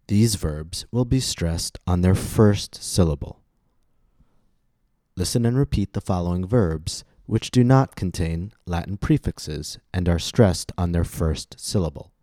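A man with a deep, mellow voice leads a scripted pronunciation lesson. He speaks slowly and enunciates each word with care. The recording is dry, with no room sound. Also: dry recording. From United States. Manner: slow, deliberate, clearly enunciated drills. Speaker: pronunciation teacher and podcast host.

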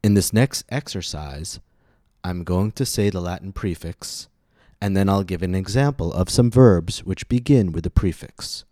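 Man, pronunciation teacher, low mellow voice, dry close sound. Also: no echo. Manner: slow, deliberate, exaggerates stressed syllables in model words. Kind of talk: scripted pronunciation lesson.

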